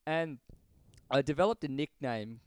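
A man's voice: mid-range voice, a little slow, darkish tone, clean tone, no room sound. Swearing Australian man telling a rambling story. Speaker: podcast co-host. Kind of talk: casual chat.

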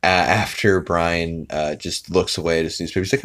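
A man's voice: sits low, steady tone, normal speed, fairly bright tone. A man hosting a podcast, casually retelling a cartoon episode in a rambling way, with lots of fillers and laughing along. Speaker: podcast host.

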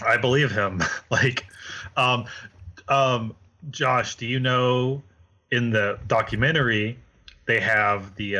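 A man with a bright, forceful voice talks in loose, easy podcast chat. He laughs often and swears casually while telling stories. His pitch sits in an ordinary middle range. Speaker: podcast co-host.

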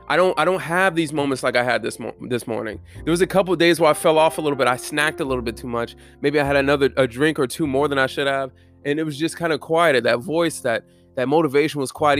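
A man's voice: a little high, quick pace, a bit bright, faint music behind. A young man giving a casual, blunt, profane motivational monologue with fervent conviction.

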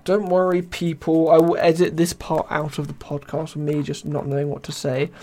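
A young British man hosts a casual live podcast, rambling, poking fun at himself and reading the chat aloud. He sounds tired, his voice wearing thin, a little high and mellow, delivered in a monotone at normal speed.

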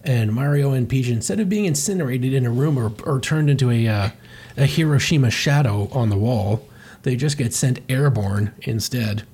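A man's voice: mid-range voice, moderate pace, a little mellow, husky. A man co-hosting a podcast, recapping a comic with wry jokes. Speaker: podcast co-host.

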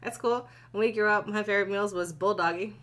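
A woman's voice: medium pitch, a little fast, a bit bright. A woman hosting a casual chat, reading a book aloud and breaking off to joke and laugh. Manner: jokey, laughs often, breaks off the reading to riff.

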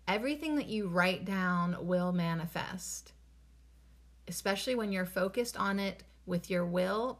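A woman giving a casual spiritual talk to her viewers, speaking slowly and deliberately and repeating phrases three times. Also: medium pitch, a bit bright. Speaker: spiritual card reader.

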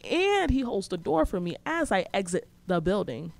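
A woman's voice: mid-range voice, big pitch swings, moderate pace, creaky. A young woman telling a story in casual, slangy speech, blunt and sarcastic.

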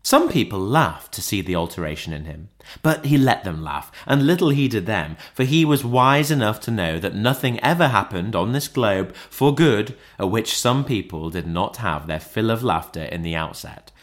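A man narrating a classic audiobook in an expressive, theatrical way. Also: on the low side, moderate pace.

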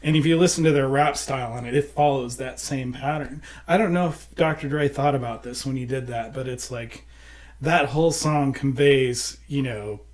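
A man's voice: medium pitch, moderate pace. Man explaining songwriting, casual. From United States. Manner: explains with sung examples. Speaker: songwriter and producer. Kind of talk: casual conversation.

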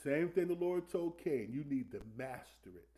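Mellow-voiced preacher man. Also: on the high side, animated. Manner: conversational preaching with call-and-response questions; slows down to stress scripture. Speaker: preacher teaching Sunday school. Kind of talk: sermon.

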